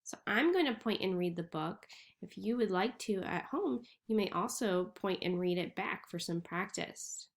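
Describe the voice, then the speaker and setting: A woman teacher giving a reading lesson to young children, slowly sounding out letters and words. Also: medium pitch, lively intonation. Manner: slow, clearly sounding out letters.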